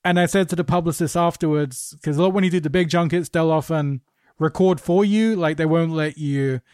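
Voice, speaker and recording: Lively, dry-sounding podcast host. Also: male voice, fairly high pitch, a little fast, smooth, no room sound. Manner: animated storyteller, swears freely. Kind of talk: casual podcast conversation, storytelling.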